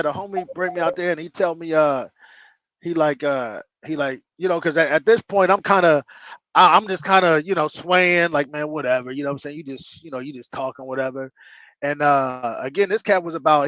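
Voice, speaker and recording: A man's voice: fairly high pitch, fairly bright tone, dry recording, highs cut off. A man telling a long personal story on an online panel in loose, slangy street talk, full of fillers. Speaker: panel guest.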